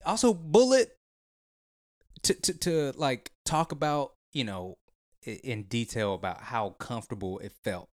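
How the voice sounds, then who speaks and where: A man's voice: mid-range voice, unhurried, no room sound, studio quality. A man, co-hosting a casual chat and telling crude, jokey stories.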